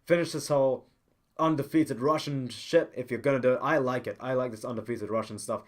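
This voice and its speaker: A man's voice: medium pitch, fairly even intonation, a little fast. A young man hosting a podcast, giving blunt, ranting opinions with frequent restarts and repeated complaints. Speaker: podcast host. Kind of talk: opinionated wrestling podcast commentary.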